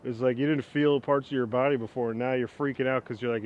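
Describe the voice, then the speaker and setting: A man's voice: fairly even intonation, quick pace, a little mellow, lo-fi sound. A young man in his twenties chatting casually outdoors as he works with an old axe, rambling and poking fun at himself. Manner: rambling, self-mocking, chuckles often. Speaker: woodworking vlogger. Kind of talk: casual outdoor demo chat. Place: outdoors in the wind. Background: wind rumble.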